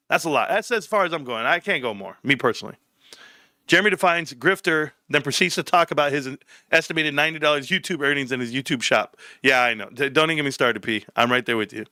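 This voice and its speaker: Animated middle-aged man, bright. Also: fast talker, dry recording, clean studio sound. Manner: animated storyteller, acts out quotes with big pitch jumps; laughs often, says bro a lot. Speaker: livestream host. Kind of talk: casual livestream chat.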